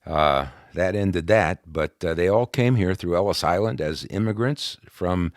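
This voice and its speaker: A man's voice: low-pitched, unhurried, dry recording, studio quality. A man from New York, a podcast guest, telling his personal testimony in a conversational way with frequent "uh" fillers. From New York, USA.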